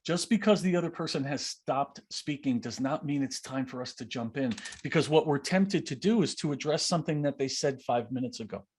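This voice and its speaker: A man, a leadership coach, answering a question on a video call in an animated way, acting out quoted speech. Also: mid-range voice, a little fast, hardly any pauses, husky. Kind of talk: online masterclass Q&A.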